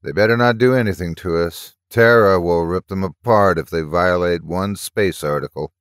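A man's voice: deep voice, normal speed, clear, resonant tone, no room sound, clean studio sound, natural voice. A man voicing a blustering, self-assured heavy-set businessman in a story reading.

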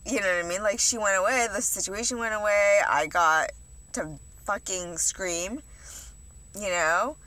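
A young woman talks straight to the camera in a loose, confessional vlog. Her voice is bright and forward. She rambles, swears freely and fills almost every sentence with "like" and "you know". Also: mid-range voice, measured pace, dry recording. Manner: rambling, heavy swearing, many fillers. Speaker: vlogger.

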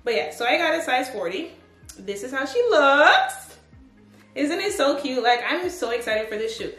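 A woman's voice: high-pitched, expressive, moderate pace, fairly bright tone, roomy sound, faint music behind. A woman chatting casually through a clothing try-on haul, upbeat and full of fillers, sometimes out of breath. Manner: chatty, upbeat, lots of "like" and "but yeah". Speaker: fashion vlogger. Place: home room with a tripod. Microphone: camera on a tripod.

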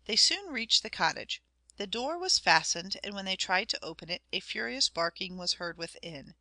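Bright-voiced woman narrating a story. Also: mid-range voice, animated, no echo. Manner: measured storytelling, addressing the listener. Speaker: audiobook narrator. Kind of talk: scripted narration.

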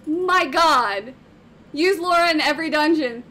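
High, bright, excitable young woman streamer. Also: moderate pace. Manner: squealing, repeats phrases over and over. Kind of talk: excited live-stream commentary. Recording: slightly off-sounding stream audio.

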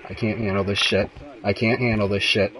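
A man's voice: lowish voice, little pitch movement, fairly quick, a bit bright. A young man commenting on a horror game, frightened and swearing as he talks to himself. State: shaking with fear. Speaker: gamer.

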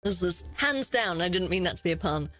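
A woman streamer giving loud, excitable commentary while playing a game, swearing freely. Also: on the low side, a little fast, faint music behind. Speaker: gaming streamer. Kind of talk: live let's-play commentary.

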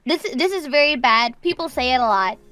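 A woman's voice: high voice, expressive, brisk, bright, forceful tone, faint music behind. A woman with as her language, streaming and playfully teaching words in casual chat.

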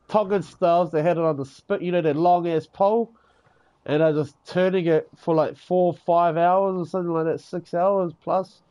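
A man with a New Zealand accent rambles through a loose gaming chat, swearing often and tacking "eh" and "bro" onto his sentences. His voice sits a little high for a man but sounds warm and mellow. It comes through a dull, lo-fi mic. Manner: rambling, swears freely, peppers talk with "eh" and "bro". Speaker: gamer in voice chat. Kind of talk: casual chat.

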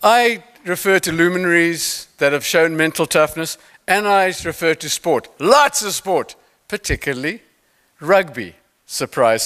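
A man giving a keynote talk on mental toughness, telling stories with playful asides to the audience. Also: high voice. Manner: animated storytelling with playful asides. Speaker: motivational speaker.

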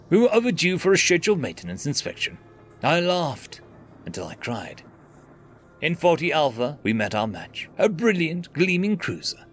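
A man narrating a scripted science fiction story in a dramatic, dry manner. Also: fairly high pitch.

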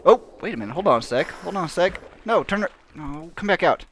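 A man's voice: on the high side, expressive, fast talker, fairly bright tone, slight background noise. A man giving casual, rambling gameplay commentary, mocking himself and laughing often. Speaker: gaming channel host.

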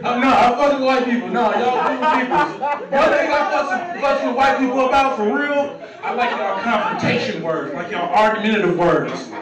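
A man's voice: very high-pitched, expressive, moderate pace, heavy reverb, recorded from a distance, rough recording. A man in his thirties doing a loose, profane open mic stand-up set, acting out quotes. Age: 30s. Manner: loose, profane, conversational delivery with acted-out quotes. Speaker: stand-up comedian. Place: comedy club stage. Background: crowd laughing.

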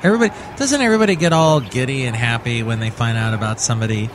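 A man's voice: medium pitch, rapid-fire, background noise. A man hosting a zany comedy podcast with playful mock-announcer delivery. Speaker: podcast host. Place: Northern California.

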